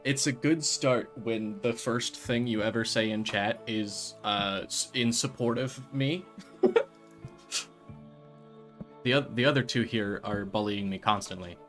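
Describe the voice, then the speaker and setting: A man streaming a video game, chatting casually in a rambling, joking way, stumbling over his words and breaking into loud excited bursts. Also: lowish voice, unhurried, faint music behind.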